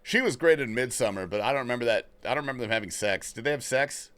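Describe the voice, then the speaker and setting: A young man chats loosely on his gaming livestream, slangy and quick to swear. His voice is middle-pitched but swings up and down a lot as he talks. He reacts to viewers' messages in a relaxed, offhand way. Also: clear, resonant tone. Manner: laid-back, slangy and profane, reading and answering chat. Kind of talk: casual gaming livestream chat.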